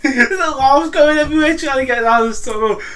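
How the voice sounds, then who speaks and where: A man co-hosting a casual comedy podcast, giggly and constantly breaking into high laughter. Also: brisk, very noisy. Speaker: podcast co-host. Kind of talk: casual chat.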